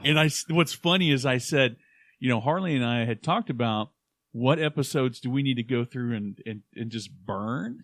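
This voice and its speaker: A man's voice: mid-range voice, moderate pace, fairly bright tone, dry recording, clean studio sound. Joking man chatting on a podcast. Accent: Oklahoma. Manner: joking, jumps between topics, puts on silly voices. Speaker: podcast co-host. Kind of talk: casual chat.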